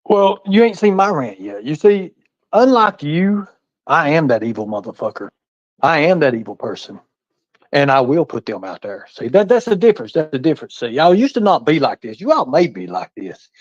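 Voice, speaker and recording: A man with a drawl brags and threatens, swearing freely as he hosts a live stream. His voice sits a bit high, and the audio is dry and dull. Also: very animated, normal speed, no room sound. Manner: boastful, menacing, swearing, folksy. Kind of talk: heated live stream talk.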